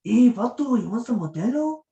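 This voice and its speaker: A man's voice: very high voice, animated, normal speed, gravelly, warm tone, pitched above the performer's own voice, full character voice. A man voicing a swaggering young street-slang guy who talks in a cheerful, teasing way.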